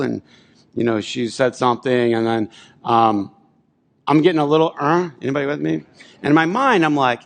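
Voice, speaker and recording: In a church sanctuary, a male pastor with a creaky, mid-range voice delivers his sermon fairly quickly. His tone is conversational as he relates a personal story, repeatedly checking that the congregation is following along.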